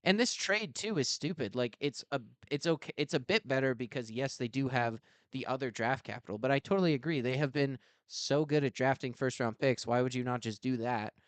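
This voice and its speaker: A man's voice: mid-range voice, fairly quick, dry recording. Exasperated man ranting about sports. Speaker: podcast co-host. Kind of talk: casual sports talk.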